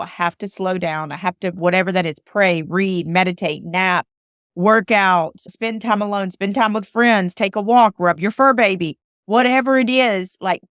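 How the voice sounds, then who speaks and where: A woman's voice: medium pitch, no echo. Earnest Southern woman podcaster, dry sound. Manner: earnest, emotional, preacher-like appeals. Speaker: podcast host. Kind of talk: heartfelt podcast monologue.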